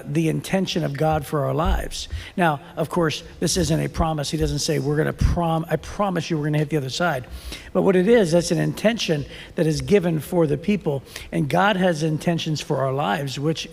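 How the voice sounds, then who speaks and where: A man's voice: fairly high pitch, gravelly, in a large hall. A man co-hosting a Bible podcast, talking in a casual, rambling way with fillers and restarts. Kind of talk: casual chat.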